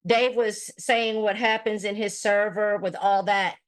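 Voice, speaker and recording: A woman's voice: mid-range voice, fairly even intonation, unhurried. Profane, gossipy woman streamer. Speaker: livestream commentator. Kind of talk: casual livestream recap.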